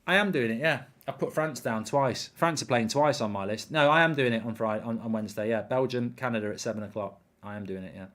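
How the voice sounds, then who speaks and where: A man's voice: mid-range voice, quick pace, few pauses, fairly bright tone. A man hosting a live football watchalong, chatting casually, reading out viewer comments and rambling with repeated words.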